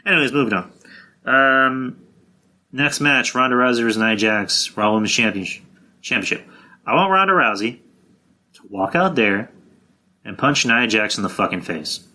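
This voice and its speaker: A man's voice: mid-range voice, expressive, moderate pace, long pauses, sharp tone. A man hosting a podcast, talking through wrestling predictions in a blunt, profane, casual monologue. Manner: blunt and profane, with frequent restarts. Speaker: podcast host.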